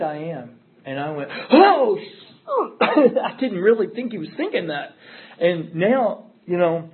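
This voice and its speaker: A man giving an earnest personal testimony at a recovery meeting, repeating himself for emphasis. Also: a little high. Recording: tinny phone-like audio.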